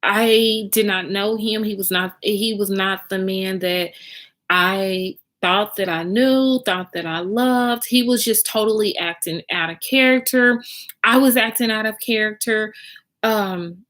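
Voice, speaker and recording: Woman vlogging her own story, candid and rambly, cusses a lot, keeps repeating herself, gets worked up in bursts, normal mid pitch. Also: steady tone, measured pace, fairly bright tone. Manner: swears freely, flares up in agitation. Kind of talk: candid confessional vlog.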